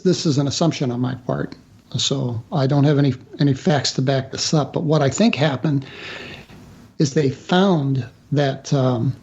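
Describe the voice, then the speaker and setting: A man telling a personal story as a guest author in a radio interview, halting with fillers and restarts. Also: a little high, creaky, darkish tone, dull audio.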